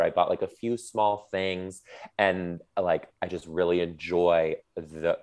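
A man chatting casually as a podcast guest, telling quick stories full of "like". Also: deep voice, fairly even intonation, a little mellow. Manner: quick, chatty storyteller with many "like"s. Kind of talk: casual chat.

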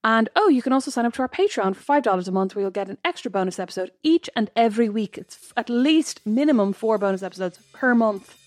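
A young woman co-hosts a relaxed chat, rattling along at a brisk pace. She tells stories about herself with a self-mocking humor. Her voice is close and dry, with no room sound. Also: fairly high pitch, no room sound. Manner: chatty, self-mocking storyteller. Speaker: podcast co-host. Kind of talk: casual chat.

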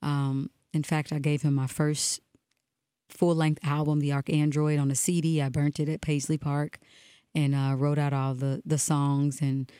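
Woman with a really low voice telling a story in an interview, acts out the lines, dry close sound. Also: measured pace, clean tone, dry recording. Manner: animated storyteller who acts out dialogue. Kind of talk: casual interview anecdote.

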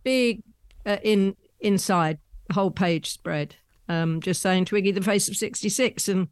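A woman's voice: mid-range voice, a little slow, clean tone, no echo. Chatty woman in her 70s. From London, England. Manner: chatty, rambling storyteller with frequent soft laughs. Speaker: guest. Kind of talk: conversational anecdotes.

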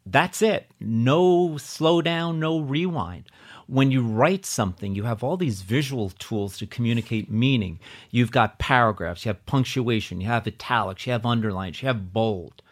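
A man hosting an interview as a speaking coach, explaining things step by step in a deliberate way. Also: medium pitch, animated. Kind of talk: conversational interview, instructive.

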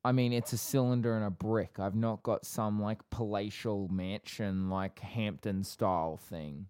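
A man co-hosting a casual podcast in a laid-back, joking way. His voice sits fairly low. The sound is dry and close. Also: fairly even intonation, measured pace, a little mellow, clean tone, no room sound. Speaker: podcast co-host.

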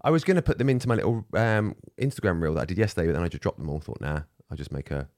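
A man's voice: lowish voice, sing-song, a little mellow, no room sound, studio quality. A man in his forties chatting casually, rattling off trivia and joking in a rambling way. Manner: rambling, joking, quick fact-telling. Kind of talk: casual chat.

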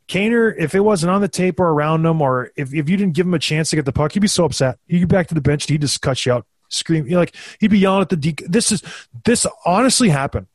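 Telling stories at a quick pace, this man in his thirties, a former hockey player turned podcast co-host, keeps the chat loose and animated. His slightly high voice rises further whenever he acts out others' words, and the sound is close and dry with no room sound.

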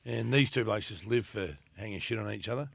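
A man's voice: on the low side, a little fast, creaky. An Australian man co-hosting a podcast, telling stories in casual banter and acting out the voices of the people in them. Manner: animated storyteller, acts out voices. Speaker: podcast co-host.

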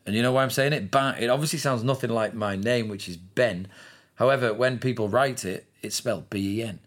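A man's voice: medium pitch, a little fast. A man hosting a casual news podcast, chatty and self-mocking, laughing easily as he talks. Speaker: podcast host.

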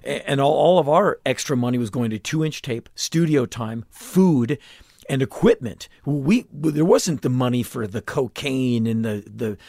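His voice creaky and darkish, mid-range and unhurried, a musician in his fifties talks through stories with blunt intensity and many restarts. It's a casual interview set in a garage home studio, recorded at studio quality with no room sound.

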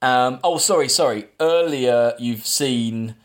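A man's voice: medium pitch, takes it slowly. Man rambling through a plot recap. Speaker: podcast host. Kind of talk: casual film review chat.

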